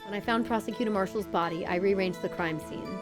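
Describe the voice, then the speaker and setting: A woman's voice: mid-range voice, quick pace, music in the background, natural voice. A woman streamer voicing a cold, reserved female chief prosecutor who speaks stiffly and guardedly, reading game dialogue aloud.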